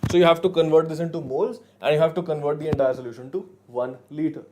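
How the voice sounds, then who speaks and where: A man's voice: on the high side, fast, background noise. A man with an Indian English accent teaching a chemistry class live online, casual and joking, slipping into Hindi now and then. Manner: casual, chatty, mixes in Hindi, jokes with students.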